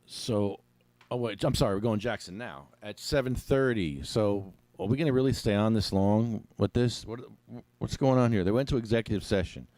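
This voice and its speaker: Man, low and mellow, casual home live-streamer, rambling, jokey, dry close sound. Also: moderate pace, no room sound. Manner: rambling, joking, talks to himself. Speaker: meeting attendee on live stream.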